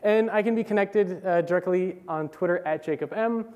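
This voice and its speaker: Animated man speaking in a hall. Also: sits high, moderate pace. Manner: casual and animated, with many fillers and restarts. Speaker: conference speaker. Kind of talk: conference presentation. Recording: hall reverb.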